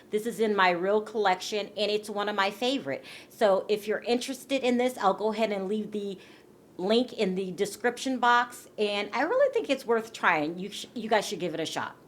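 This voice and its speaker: A woman from California talking casually to her camera about celebrity gossip, chatty and emphatic, repeating words for stress and often asking her viewers "okay?". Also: medium pitch. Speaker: YouTube gossip vlogger.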